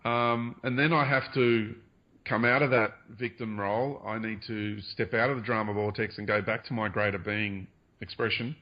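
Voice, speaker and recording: Low-voiced man, earnest and hedging. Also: fairly even intonation. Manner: earnest, hedging, many pauses and fillers. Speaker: guest. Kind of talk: spiritual interview talk. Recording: dull lo-fi radio audio.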